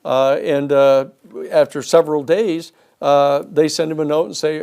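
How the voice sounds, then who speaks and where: Man, lecture storyteller, higher-pitched, gravelly, animated. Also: a little slow. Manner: animated storyteller acting out quotes. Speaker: speaker.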